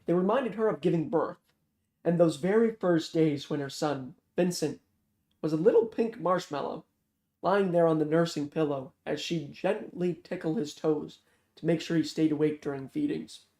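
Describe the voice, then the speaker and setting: A man narrating a novel aloud in a steady, measured way. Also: a little high. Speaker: audiobook reader. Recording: roomy echo.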